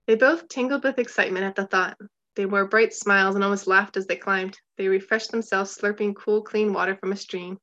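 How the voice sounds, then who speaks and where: A woman narrating a children's storybook in a steady, measured voice of middling pitch. She slows her pace for tense moments. The recording is slightly muffled. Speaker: audiobook narrator.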